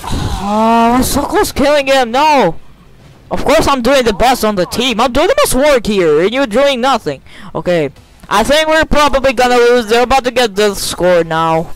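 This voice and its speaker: A man with a notably high voice talks over his own gameplay into a desk mic. He grumbles and curses at his teammates, then breaks into loud shouts. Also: lively intonation, moderate pace, low-quality recording. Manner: frustrated, swearing, bursts into shouts. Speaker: gaming video creator. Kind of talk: live gameplay commentary. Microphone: desk microphone.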